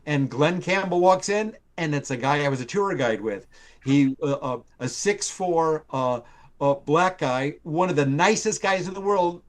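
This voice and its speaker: Over a live stream call, an older guest who writes and produces for TV spins casual, rambling anecdotes, heavy on fillers, voicing the people he quotes. His voice is expressive and on the high side, at a measured pace.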